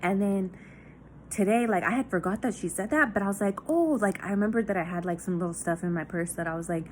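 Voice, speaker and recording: A woman's voice: medium pitch, fairly even intonation, fast talker, slight background noise. A young woman talking candidly in a personal diary vlog, raw and confessional, swearing often and full of fillers. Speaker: vlogger.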